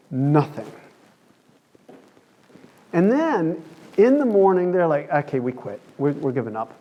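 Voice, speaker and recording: Mellow-voiced man preaching a chatty sermon. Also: sits high. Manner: chatty storytelling, acts out quoted lines. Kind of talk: conversational sermon. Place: church.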